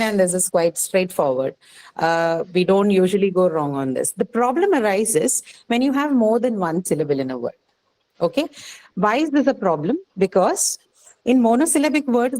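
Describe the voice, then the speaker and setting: An Indian English woman teaches a classroom lesson, explaining step by step in a patient voice. She keeps pausing to check understanding with "right?" and "okay". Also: mid-range voice, darkish tone, poor audio. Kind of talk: classroom lecture on phonetics.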